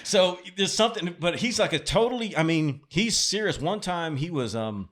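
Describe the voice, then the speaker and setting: With a high-pitched voice at a normal speed, this man hosts a podcast and shares stories in a relaxed conversation. His delivery is animated, punctuated by frequent laughter.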